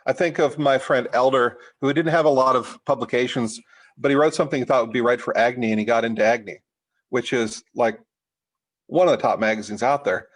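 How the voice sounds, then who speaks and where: Middle-aged guy teaching a writing class, stops and restarts a lot, lots of uhs, normal pitch. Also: rough recording. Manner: halting, many restarts and fillers. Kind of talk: informal workshop talk.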